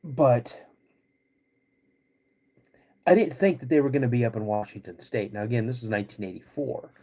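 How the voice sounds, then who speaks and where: A man in his fifties hosting a live podcast stream, greeting chat viewers by name in a halting way while getting over a cold. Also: mid-range voice, dark tone. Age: 50s. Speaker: podcast host.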